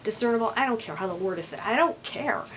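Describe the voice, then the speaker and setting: An overstimulated woman rambles straight to camera in a casual vlog. Her voice sits a little high, pushed louder than usual, and sounds angry and on edge. There is a faint hiss underneath. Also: lively intonation, fast, rough recording. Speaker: vlogger.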